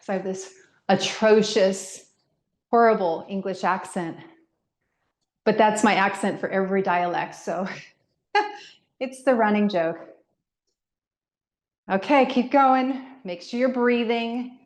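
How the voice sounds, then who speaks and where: Woman fitness instructor, middle-aged, mid-pitched voice, talks slowly through movement cues and rep counts; roomy echo. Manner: counts reps and gives step-by-step movement cues. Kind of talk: guided workout class. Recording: echoey room.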